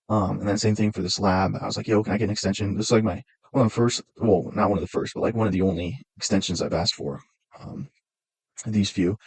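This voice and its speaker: Young man, husky low-ish voice, dry close sound, rambling casual storyteller. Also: a little mellow, no echo. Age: young adult. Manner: rambling, lots of fillers and restarts. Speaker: college student vlogger.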